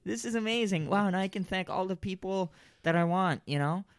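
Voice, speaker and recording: A man improvising a comedy scene with a slightly higher voice that keeps jumping into shrill, excited yelps. The sound is close and dry, with no room around it. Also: brisk, smooth, no echo. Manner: excitable, swings to shrill high-pitched outbursts. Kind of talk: improv comedy role-play.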